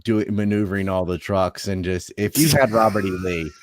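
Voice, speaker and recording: Low-voiced blunt joking man. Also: steady tone, moderate pace, a little hiss or hum. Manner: blunt, joking, swears freely. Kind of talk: casual chat.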